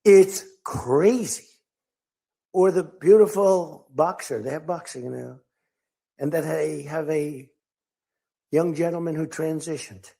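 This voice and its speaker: Gravelly older man, rambling speech. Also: a little high, slow pace, pauses often, mellow. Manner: storytelling, acts out quotes in different voices. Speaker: political speaker.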